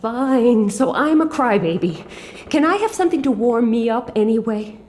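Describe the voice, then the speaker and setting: An actress voicing a sharp-tongued young woman held captive in a video game, speaking in a sarcastic, teasing way. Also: on the high side, expressive, normal speed, slight background noise, lightly acted.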